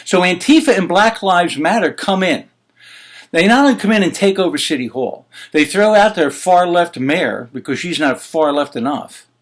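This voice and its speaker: A man in full rant mode as host of his own commentary show, pitched a little above the usual male range. He sounds exasperated and indignant, firing off rhetorical questions and the odd curse. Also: animated, normal speed. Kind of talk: heated opinion commentary.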